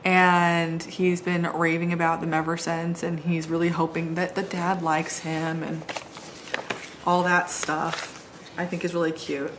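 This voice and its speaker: A woman's voice: lowish voice, flat delivery, unhurried, background noise. A middle-aged woman chatting casually and rambling while she decorates a planner at home, poking fun at herself. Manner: chatty, rambling, self-deprecating. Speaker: planner vlogger. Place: home, seated on the floor.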